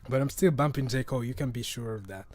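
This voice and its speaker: Man, from africa, podcast host, casual rambling, profane, stumbling restarts, medium pitch, faint background music. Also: fast talker, a little mellow. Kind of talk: casual solo podcast chat.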